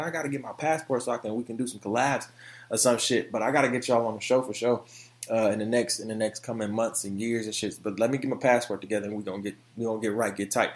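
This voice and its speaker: A man hosting a solo podcast, talking in an animated, profane, casual way and now and then breaking into song. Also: medium pitch. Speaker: podcast host.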